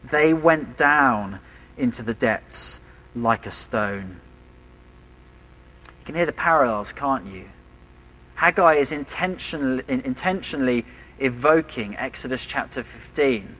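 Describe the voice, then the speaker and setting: A man's voice: medium pitch, fairly bright tone, rough recording. Man preaching with rhetorical questions. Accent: British. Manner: emphatic, rhetorical tag questions. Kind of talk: sermon.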